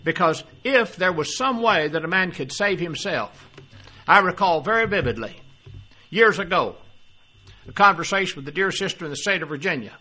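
Preaching in a bright, forceful voice that leans high and has a breathy edge, an older man works through scripture, reading it aloud and then explaining it. He often turns to the listeners with questions.

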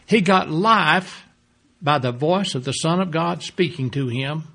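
A man preaching a sermon, emphatic, repeating key phrases and dropping low and soft toward the close. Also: measured pace, creaky.

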